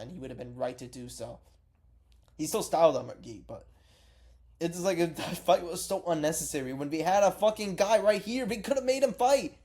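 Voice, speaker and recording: A man's voice: medium pitch, darkish tone. A man casually giving his takes in a vlog, rambling, cursing and correcting himself mid-sentence. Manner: rambling, profane, self-correcting. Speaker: MMA reaction vlogger.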